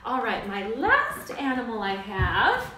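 A cheerful woman leads a little ones' music class, her higher voice swooping up and down as she coaxes the children to answer. She sounds a step back from the mic, and a strong echo rings around the room. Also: huge pitch swings, slow, a little hiss or hum. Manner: bright, sing-song, coaxing tone for small children. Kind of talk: live online kids' music class. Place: indoors at home during quarantine. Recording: very echoey room, mic at a distance.

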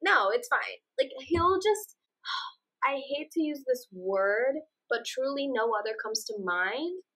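A woman's voice: high-pitched, slow, slightly rough, low-quality recording. A young woman co-hosting a podcast in casual chat, ranting with exasperation and acting out quotes. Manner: animated, exasperated rants with acted-out quotes. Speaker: podcast co-host.

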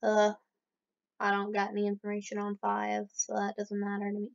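A woman's voice: medium pitch, monotone, moderate pace. Chatty mock-outraged young woman gamer. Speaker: let's play host. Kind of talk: casual gameplay commentary. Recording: slightly dull lo-fi recording.

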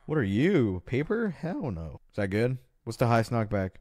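Excitable young man streaming a game. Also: mid-range voice, normal speed, no room sound. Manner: excitable, swears a lot, shouts suddenly. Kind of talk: casual gaming livestream.

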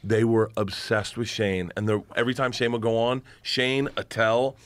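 A middle-aged man telling rambling, excitable stories in a casual podcast chat, laughing and swearing often. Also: fairly low pitch, normal speed. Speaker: podcast guest comedian.

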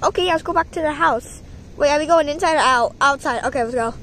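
A woman acting out a plush toy skit, voicing several characters in excitable, playful banter full of slang. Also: high voice, quick pace, slight background noise. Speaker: plush toy video maker. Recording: music playing under the voice.

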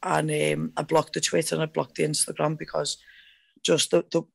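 A woman fighter on a radio talk show, telling her stories in a rambling, animated way with lots of fillers. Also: low-pitched, normal speed, creaky, husky, no echo. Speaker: MMA fighter guest. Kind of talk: excited casual storytelling.

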